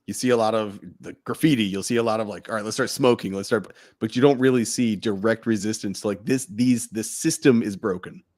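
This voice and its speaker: A man's voice: on the low side, darkish tone. A man co-hosting a podcast, talking bluntly with swearing and building to heated outbursts. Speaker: podcast co-host. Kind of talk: impassioned podcast rant.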